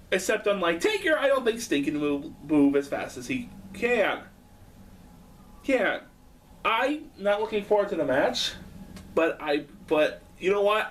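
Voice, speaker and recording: A man doing a rambling casual vlog at home, excitable and profane, laughing often. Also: high-pitched, far from the mic. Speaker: vlogger.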